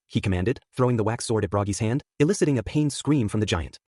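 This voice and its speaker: A man narrating a fan fiction story in a steady, even reading voice. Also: fairly low pitch, quick pace, no echo.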